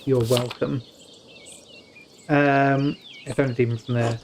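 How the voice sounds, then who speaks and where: A man's voice: medium pitch, flat delivery, slow pace, long pauses, background noise. A young man from the UK streaming a story game, reading its text aloud and stumbling over hard words with joking asides. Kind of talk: casual let's-play commentary, reading game text aloud.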